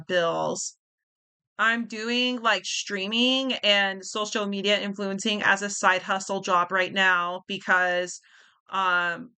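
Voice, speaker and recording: A woman's voice: mid-range voice, bright, forceful tone, smooth. A woman in her twenties chatting as she streams a game, rambling with lots of fillers. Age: 20s. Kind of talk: let's-play commentary and chat.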